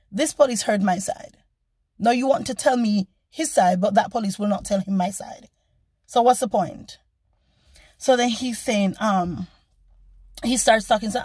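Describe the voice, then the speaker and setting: A woman vlogger telling a story in a casual, animated and indignant way, acting out the people she quotes. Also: a little high, breathy edge, dry recording.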